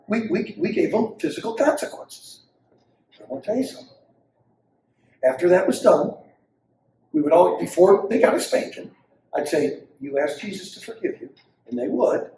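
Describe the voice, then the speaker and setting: A high-voiced older man preaching a parenting talk with big swings in his delivery. He slips into the voices of children and parents as he teaches. The sound is roomy, with a faint hum of ambience behind him. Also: moderate pace, long pauses, far from the mic. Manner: animated preacher who acts out quotes of kids and parents. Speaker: pastor leading a parenting session. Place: church hall.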